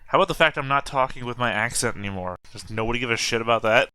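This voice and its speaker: A man's voice: medium pitch, very fast, pushed and bright, smooth, no room sound. A man playing a tabletop game, curt and demanding. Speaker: player.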